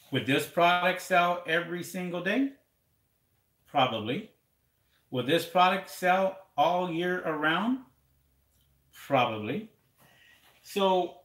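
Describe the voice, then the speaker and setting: A man's voice: sits high, a bit bright, echoey room. A man hosting a casual live question-and-answer stream, rambling and repeating words as he talks straight to his viewers. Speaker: livestream host answering seller questions.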